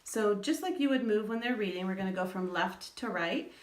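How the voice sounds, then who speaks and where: Woman, patient teaching voice, slow sounding-out of syllables, roomy echo, set back from the mic. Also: medium pitch, animated, recorded from a distance. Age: adult parent of school-age children. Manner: patient, explains step by step, sounds words out slowly. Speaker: educator giving parenting advice. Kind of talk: instructional talk to parents.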